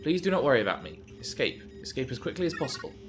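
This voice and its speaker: A man voicing a calm, earnest male computer AI of an enemy base, speaking in a formal, measured, subdued way. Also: medium pitch, noisy background, natural voice. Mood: solemn.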